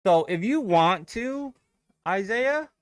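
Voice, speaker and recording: A young man talks loosely into a close desk mic, thinking aloud and cursing as he goes. His pitch swings around a lot, and the sound is dry and close. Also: lively intonation, slow, dry recording. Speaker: day trading streamer. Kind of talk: casual live-stream chat, reading viewer comments.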